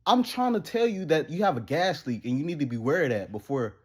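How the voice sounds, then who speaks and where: A sheepish young male ghost that a man puts on for a comedy skit, speaking in a hushed, slightly husky voice with drawn-out spooky tones. The pitch swoops around a lot, and the delivery stays soft and sneaky. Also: animated. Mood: apologetic. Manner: drawn-out spooky intoning, then soft and apologetic.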